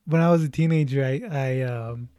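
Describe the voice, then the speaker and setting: A man's voice: mid-range voice, dark tone, smooth, no room sound, lo-fi sound. Chatty man with a dry, close voice. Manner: chatty, laughing, halting restarts. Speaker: podcast co-host. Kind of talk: casual movie chat.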